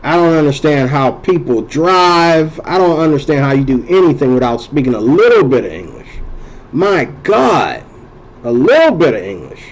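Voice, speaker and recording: A man's voice: a little high, sing-song, normal speed, highs cut off. A man hosting a casual rambling monologue, talking loosely and circling back to repeat himself. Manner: rambling, conversational, repeats and restarts phrases. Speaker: host.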